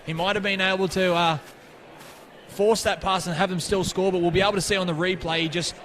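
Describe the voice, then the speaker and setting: A man's voice: high voice, flat delivery, a little fast. A young man working as co-commentator at a local rugby league match, chatting and joking while he breaks down the play. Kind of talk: casual sports commentary. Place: commentary box at an outdoor ground. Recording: crowd noise in the background.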